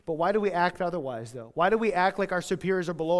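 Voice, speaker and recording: High-voiced pastor preaching in a reverberant church. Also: male voice, lively intonation. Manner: conversational, self-deprecating asides with quick acted quotes. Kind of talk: verse-by-verse sermon. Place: church sanctuary.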